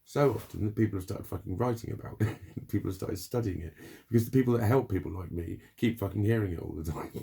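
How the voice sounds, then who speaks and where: A man with a very low, gravelly voice talks through a spoken video diary. His tone is dark and husky, and he rambles loosely, swearing freely as he goes. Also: quick pace. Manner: rambling, heavy swearing, frequent laughs. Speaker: vlogger.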